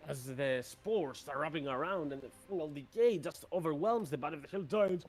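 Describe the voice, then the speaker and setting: A man running a tabletop game as game master, narrating the action in an animated way with many fillers. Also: on the high side, fairly quick, few pauses.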